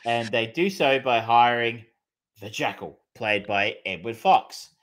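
A man's voice: mid-range voice, expressive, a little slow, fairly bright tone. A man co-hosting a film podcast, chatting casually with many fillers, restarts and the odd swear word. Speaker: podcast co-host. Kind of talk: casual film review chat.

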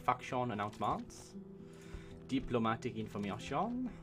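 A man gives excitable gameplay commentary, swearing often and talking to himself as he plays. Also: mid-range voice, normal speed, music in the background. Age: 20s. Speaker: let's play host.

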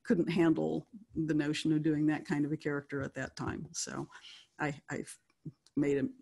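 A woman's voice: low voice, level tone, moderate pace, vocal fry, a little mellow, husky. An older woman, a guest writer, telling anecdotes in a chatty way, often laughing as she talks. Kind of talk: anecdotal storytelling.

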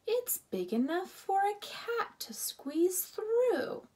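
A woman reading a storybook aloud plays a thoughtful, observant boy at a summer camp. He speaks plainly and matter-of-factly, slowly, with a lively rise and fall. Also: very high voice, pitched above the performer's own voice, heavily acted.

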